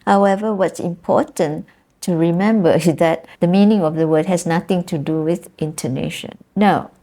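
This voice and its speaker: Malaysian English woman lecturer, unhurried and patient, mellow low voice, keeps checking students follow. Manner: patient, repeats examples, checks understanding with tag questions. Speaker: university lecturer. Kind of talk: classroom lecture.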